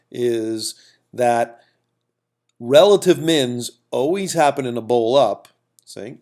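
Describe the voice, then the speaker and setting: A man walks through a calculus lesson in a relaxed, chatty way, often repeating himself and checking in with the class. His voice sits low and has a gravelly edge. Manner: casual, repeats himself, many asides and "okay?" checks. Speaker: math teacher.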